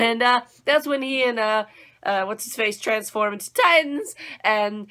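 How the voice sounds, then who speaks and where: A young woman giving a casual anime episode review, bubbly and excitable, full of "like" and "um". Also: a little high, a little slow.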